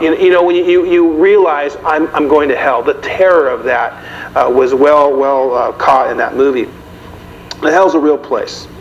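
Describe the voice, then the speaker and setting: A man delivers a sermon to a congregation in a loose, conversational manner and keeps turning to the audience with questions. His voice sits a little high. The recording is somewhat muffled, with a faint hiss underneath. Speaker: preacher. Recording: dull, slightly noisy recording.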